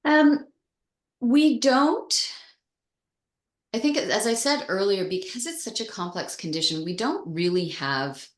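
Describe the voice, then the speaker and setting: A woman's voice: lowish voice, expressive, normal speed, few pauses, roomy sound. A woman teacher explaining bone health in an interview, thoughtful and searching for words with frequent restarts. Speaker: osteoporosis exercise teacher.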